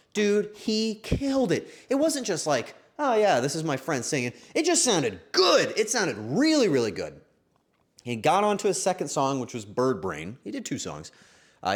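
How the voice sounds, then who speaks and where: Lively emotional young male streamer. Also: a little high. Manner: emotional, swears often, swings from loud to hushed. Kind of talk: casual stream chat.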